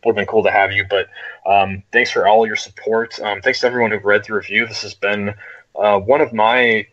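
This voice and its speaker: A man, a guest game reviewer, chatting casually on a podcast in a relaxed, rambling way with many filler words. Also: fairly low pitch, normal speed. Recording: dull lo-fi audio.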